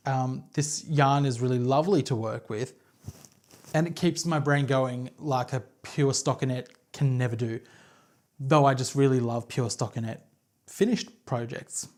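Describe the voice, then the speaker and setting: An Australian woman talks to camera from her couch for her knitting podcast, her bass voice darkish in tone and her pace measured. It's casual chat, rambling and self-deprecating.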